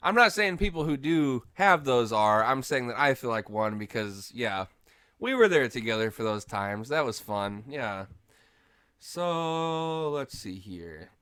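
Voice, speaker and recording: A young man with a bright, crisp voice rants his way through a movie review, a bit drunk and swearing freely. The sound is dry and close, with no room around it. He talks casually and mocks what he dislikes. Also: mid-range voice, very animated, unhurried, dry recording. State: tipsy from drinking. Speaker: movie review podcast co-host.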